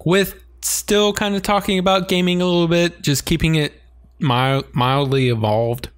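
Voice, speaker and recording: A man co-hosting a podcast, telling episode plots in a casual, animated way, often laughing and swearing. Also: on the high side, normal speed. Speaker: podcast co-host. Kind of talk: casual anime recap chat.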